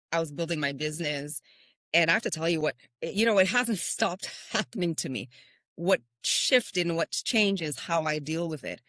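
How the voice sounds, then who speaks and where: A woman's voice: sits low, fairly bright tone, no echo, studio quality. A woman hosting a motivational podcast, speaking earnestly and telling stories with rhetorical questions. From Canada. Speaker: podcast host and confidence coach.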